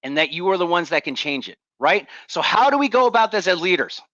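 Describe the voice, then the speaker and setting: A man giving an energetic motivational talk to leaders, coaching the audience through exercises. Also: high voice, fast, dry recording, dull audio. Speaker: leadership speaker.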